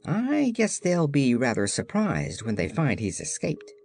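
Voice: medium pitch, wildly swooping pitch, unhurried, darkish tone. A reader voicing a polite, practical young boy who speaks earnestly in a storybook reading. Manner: earnest, pleading. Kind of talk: audiobook character voice.

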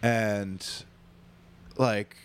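A man's voice: lowish voice, very slow, smooth. A man telling a story from his bar job in casual chat, swearing and acting out the people he quotes. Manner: animated, swearing, acts out quoted voices.

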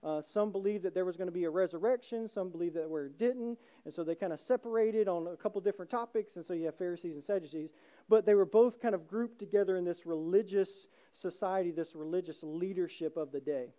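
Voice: medium pitch, brisk, mellow. A pastor giving a sermon in a conversational way, asking rhetorical questions and often adding "right?".

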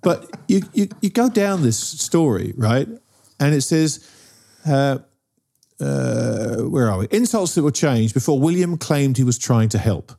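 A man's voice: medium pitch, animated, measured pace, gravelly, warm tone. A middle-aged man, telling a story in casual chat and often checking in with "right?". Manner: storytelling, keeps asking "right?". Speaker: podcast co-host.

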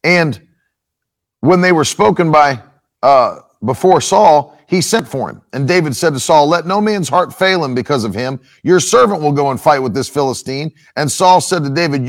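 A man preaching a sermon, reading scripture and explaining it with emphatic, drawn-out stresses. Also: a little high, sing-song. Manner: emphatic, slows down to stress points. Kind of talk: expository sermon.

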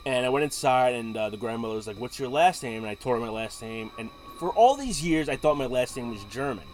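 A man's voice: mid-range voice, lively intonation, fast talker, darkish tone, slight background noise. A man in casual chat, rambling through stories and laughing often.

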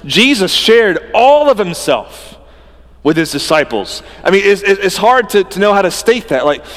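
A man preaching a sermon, earnest and emphatic, swinging between loud stresses and quiet drops. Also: sits high, sing-song, normal speed, long reverb tail.

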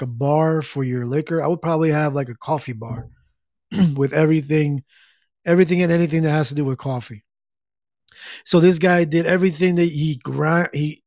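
Brief: middle-aged male streamer, relaxed rambling chat, gravelly, slightly higher voice. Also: dry recording, clean studio sound. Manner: rambling, easygoing, reads chat aloud. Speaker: livestream host. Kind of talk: casual chat with viewers.

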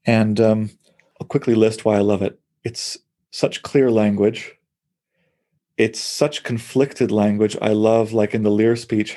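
A man's voice: fairly low pitch, dark tone. A man, a poet, talking through poems in an enthusiastic, thinking-aloud conversational way. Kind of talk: conversational close reading of poetry.

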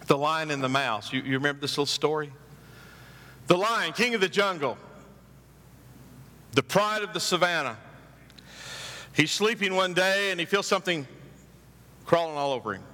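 A man preaches with a bright, forceful voice that sits fairly high. He acts out the people in his stories with drawn-out phrases and builds to loud, high peaks. His words ring out with a long reverb, as in a large church hall. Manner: emphatic preaching, rising to loud climaxes. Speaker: pastor. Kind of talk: sermon.

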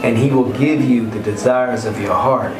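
A man hosting a faith conversation, calm and affirming, quoting scripture, heard off-mic in an echoey noisy room. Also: medium pitch, normal speed, over a noisy crowd.

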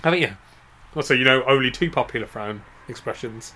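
Male co-host, bright ringing voice, jokey and giggly, loose banter. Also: mid-range voice, a little fast. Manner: jokey, giggly, rambling wordplay. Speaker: podcast co-host. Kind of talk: casual comedic chat.

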